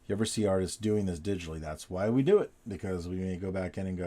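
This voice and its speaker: A man's voice: deep voice, fast talker, warm tone. A man talking casually as he draws, rambling and self-correcting as he goes. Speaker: artist drawing on video. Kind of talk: casual talk while drawing.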